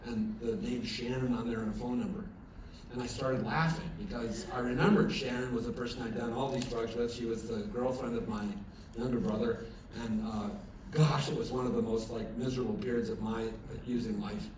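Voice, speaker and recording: A male pastor gives an evening chapel sermon in a casual, storytelling way, full of ums and restarts and turning emphatic at the high points. His mid-range voice reaches the mic from far across the room. The chapel rings with heavy echo over steady room noise. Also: a little fast. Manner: conversational storytelling, many fillers and restarts; grows lively and emphatic when telling a story. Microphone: distant from the recording mic.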